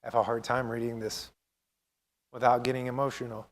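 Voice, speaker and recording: A man's voice: medium pitch, flat delivery, brisk, long pauses. A man leading a church Bible class, talking earnestly and reading scripture aloud with feeling.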